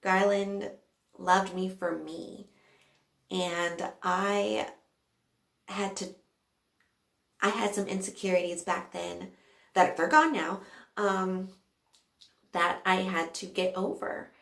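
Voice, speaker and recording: A woman's voice: medium pitch, takes it slowly, gravelly, long pauses, fairly bright tone. A young woman vlogger tells a personal story to her viewers, emotional and often laughing or near tears. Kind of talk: casual storytelling to camera. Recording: echoey room.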